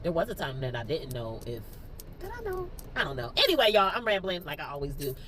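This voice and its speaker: Tearful Philly woman with lively pitch. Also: quick pace, a crowd in the background, poor audio. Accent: Philadelphia. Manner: tearful, expressive, talks straight to viewers. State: near tears. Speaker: teacher. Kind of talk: emotional storytime vlog. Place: in a car.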